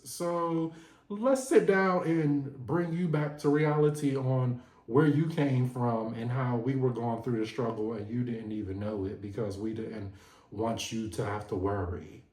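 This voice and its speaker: A man's voice: mid-range voice, lively intonation, unhurried, darkish tone, lightly acted. A man voicing a father who earnestly lectures his grown daughter about their past. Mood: lecturing. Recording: echoey room.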